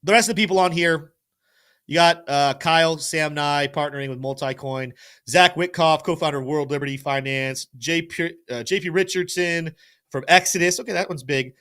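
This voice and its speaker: A man's voice: fairly high pitch, normal speed, a bit bright. A man hosting a live-stream crypto show, energetically talking through charts and addressing his chat, sometimes stumbling over names. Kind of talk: live-stream market commentary.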